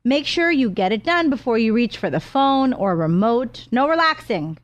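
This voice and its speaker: A woman's voice: on the high side, very animated, normal speed, dry recording. A woman co-hosting a radio show, chatting casually and giving tips with a dry humor. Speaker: co-host.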